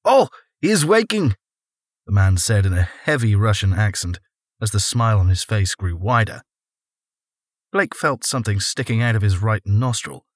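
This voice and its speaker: A man narrating a story in a steady, even audiobook read. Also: lowish voice, normal speed, no echo, clean studio sound.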